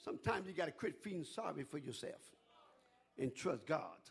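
An older man preaching a sermon in call-and-response style, dropping to a hush and then rising to a shout. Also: fairly high pitch, big pitch swings, moderate pace, gravelly, husky.

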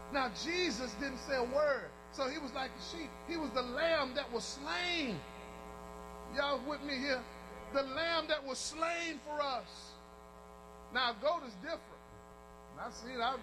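A man preaching a sermon with call and response, shouting and half-singing at the peaks, telling folksy stories in plain, colloquial talk. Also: extremely high pitch, noisy background.

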